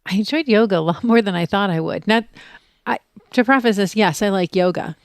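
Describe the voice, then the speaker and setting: Woman, mid-range voice, animated conversational storyteller; dry close-mic sound. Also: medium pitch, a little fast, smooth, dry recording. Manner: animated storyteller, acts out quotes with soft whispers and excited outbursts. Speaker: podcast guest sharing a retreat experience. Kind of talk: casual chat.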